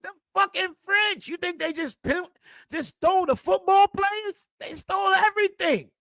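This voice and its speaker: A man ranting profanely on a livestream, swinging between quiet muttering and loud outbursts. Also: extremely high pitch, normal speed, creaky, no echo. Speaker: streamer and football content creator. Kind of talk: casual livestream rant.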